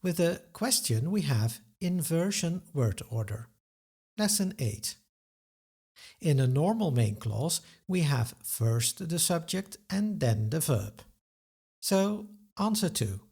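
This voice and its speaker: A man's voice: on the high side, very animated, slow, creaky, darkish tone, husky. A male language teacher giving a webinar grammar lesson, explaining answers methodically step by step and carefully sounding out example words.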